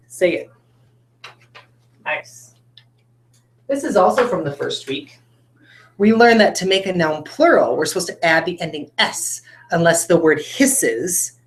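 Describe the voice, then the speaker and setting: A woman teacher leads young children through a phonics lesson in a classroom, speaking in a somewhat low voice. She talks to the class directly and encourages them as she demonstrates words. The room is roomy and echoes around her.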